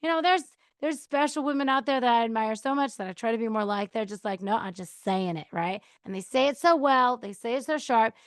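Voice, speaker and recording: A woman's voice: fairly high pitch, brisk, few pauses, clean tone, no echo, studio quality. A woman hosting a podcast, talking casually about choosing peace, acting out quoted replies and laughing now and then. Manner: chatty, acts out quoted replies, laughs often. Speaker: podcast host. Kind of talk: casual advice monologue. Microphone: mic on a counter.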